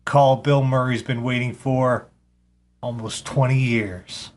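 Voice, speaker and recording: A man's voice: medium pitch, fairly even intonation, slow. A man hosting a casual live radio show, rambling and sarcastic, swearing freely as he talks.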